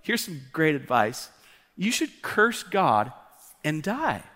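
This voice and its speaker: Man putting on a high, scornful nagging wife, slow and drawn out, echoing church hall. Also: very animated, pushed and bright, full character voice. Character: exasperated wife urging her sick husband to give up. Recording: long church hall reverb.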